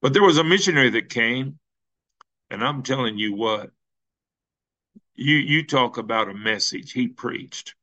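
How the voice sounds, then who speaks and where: Slow, bright-voiced preacher man. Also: medium pitch, animated, dull audio. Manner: slow halting storytelling with many fillers, rising to emphatic peaks. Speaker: pastor. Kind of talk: sermon.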